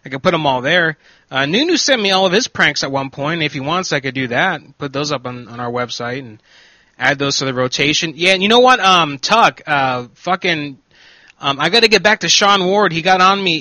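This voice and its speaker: A man's voice: on the high side, bright, forceful tone, no echo. A man hosting a casual call-in prank show, rambling and joking with some profanity. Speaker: radio show host.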